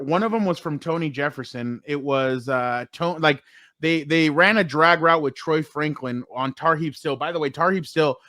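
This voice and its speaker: A man co-hosting a sports podcast, telling excited stories from the locker room and quoting players in a casual, chatty way. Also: fairly high pitch, no echo, studio quality. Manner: excited storytelling, quotes players. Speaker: sports podcast co-host and reporter.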